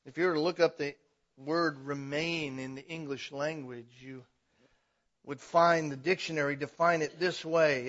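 High bright-voiced male preacher. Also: steady tone, a little slow, dull audio. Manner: emphatic preaching, swells to loud passionate stretches. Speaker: pastor. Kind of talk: sermon.

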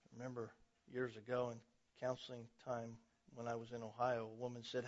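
A man preaching a sermon as pastor, emphatic, building to loud passionate stretches. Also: mid-range voice, completely flat delivery, fairly quick, dull audio.

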